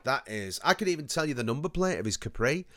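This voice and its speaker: A man's voice: medium pitch, sing-song, quick pace, fairly bright tone, no echo, clean studio sound. A man co-hosting a casual chat, nostalgic and jokey, swearing now and then. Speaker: podcast co-host.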